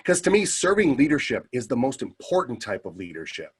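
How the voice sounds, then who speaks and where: Husky-voiced man telling a story. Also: medium pitch, brisk. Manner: lively anecdotal telling with many fillers. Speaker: Kiwanis club member giving a convention message. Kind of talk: storytelling speech.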